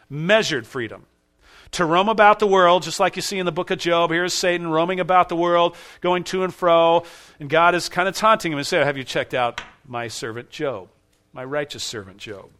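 A male preacher delivers an emphatic sermon in a fairly high, bright, forceful voice. He repeats key phrases and asks rhetorical questions to press each point home.

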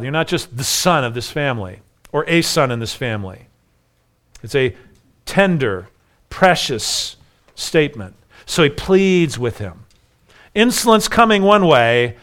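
A man's voice: fairly high pitch, fairly bright tone. A man preaching an earnest expository sermon, acting out the voices in a parable as he explains it. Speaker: pastor.

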